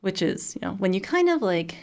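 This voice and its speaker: A woman streamer with vocal fry, chatting casually and swearing freely while she plays a game. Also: mid-range voice, big pitch swings, brisk, a little mellow.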